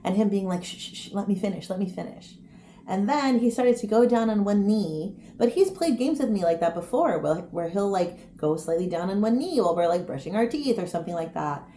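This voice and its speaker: A young woman telling a story casually to camera, chatty and animated, with quick asides. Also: mid-range voice. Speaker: vlogger. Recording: echoey room, faint noise.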